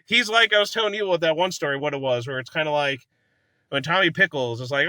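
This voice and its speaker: Male reviewer, fairly high bright voice, rambling eager fan talk, dry close sound. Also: animated, fast, dry recording. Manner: rambling, enthusiastic, laughs often, acts out movie lines. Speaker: movie reviewer. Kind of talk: casual movie review chat.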